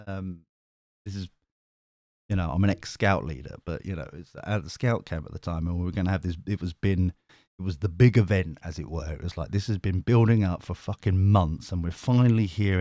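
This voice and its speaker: A man's voice: sits low, dark tone, no echo, studio quality. A middle-aged man telling a rambling story on a live stream, full of restarts and casual swearing. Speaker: tarot reader and live streamer.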